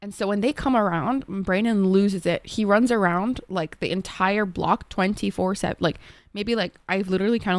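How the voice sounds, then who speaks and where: A woman's voice: mid-range voice, normal speed, no room sound. A young woman from Egypt, a streamer chatting casually with viewers from her desk at home, filling her talk with "like" and swearing freely. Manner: chatty, lots of "like", frequent swearing. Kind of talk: casual chat answering viewers.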